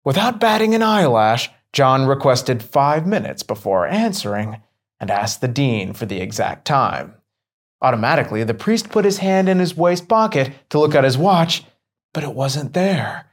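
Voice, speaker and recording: A man narrating a scripted story in an expressive, varied reading. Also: mid-range voice, a little slow.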